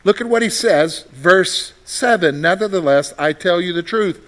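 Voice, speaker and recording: High-voiced preaching man, animated. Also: normal speed. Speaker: pastor. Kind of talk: sermon.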